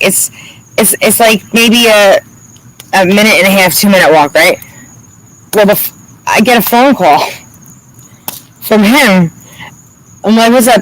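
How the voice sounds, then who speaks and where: A woman's voice: mid-range voice, poor audio. A woman vlogger telling a story in a casual, heated way, swearing often and acting out what each person said. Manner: heated, profane storytelling with lots of reported dialogue.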